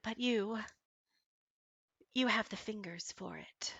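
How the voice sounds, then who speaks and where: A woman voicing a weary, suspicious mother cat who speaks low and measured. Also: creaky, fairly bright tone, no echo, muffled recording, exaggerated voice. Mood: dry.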